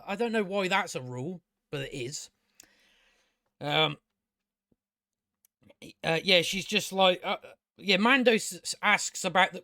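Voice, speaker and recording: A man's voice: high-pitched, a little slow, pauses often, pushed and bright, dry recording, studio quality. A man giving a casual spoken review, sarcastic and exasperated, rambling with restarts and swearing. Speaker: video reviewer.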